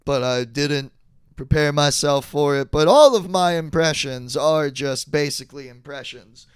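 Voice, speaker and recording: Male podcast co-host, slow rambling delivery, clear voice, dry close sound. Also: on the high side, lively intonation, no room sound. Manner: rambling, goes off into long tangents with bursts of silly impressions. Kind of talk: casual comedic banter.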